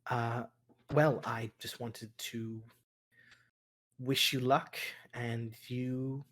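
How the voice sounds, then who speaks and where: Shy courteous noble sister, quiet and a bit low, a game master putting her on in his own voice. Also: level tone, drawn-out words. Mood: wistful, polite. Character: young noblewoman, sister of the bride, wistful and polite.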